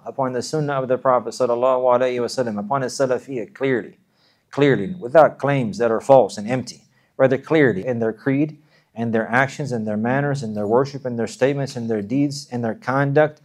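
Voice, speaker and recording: Male preacher, earnest lecture, repeats key phrases, mid pitch. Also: darkish tone. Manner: earnest, repetitive, stressing phrases with restarts. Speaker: Islamic preacher. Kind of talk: sermon.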